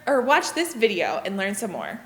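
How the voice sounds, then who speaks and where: A woman children's pastor leading a kids' church lesson, slow and encouraging as she calls out to the children. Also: mid-range voice, huge pitch swings, over loud music. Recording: echoey hall, roomy reverb.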